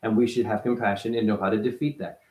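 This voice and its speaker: A man giving a rambling, profane spiritual monologue as a self-styled teacher, his voice jumping up and down in pitch. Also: fairly even intonation, quick pace, darkish tone. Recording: echoey room.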